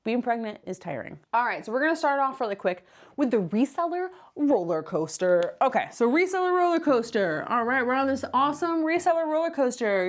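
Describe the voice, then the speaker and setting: A young woman with a high voice vlogs casually from her home office on a clip-on mic. She talks in a chatty way, a little out of breath, and bursts into her own acted-out inner voice with bright upswings. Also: lively intonation, fairly quick. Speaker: reselling business vlogger. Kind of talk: casual vlog to camera with a whiteboard. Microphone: clip-on wireless mic.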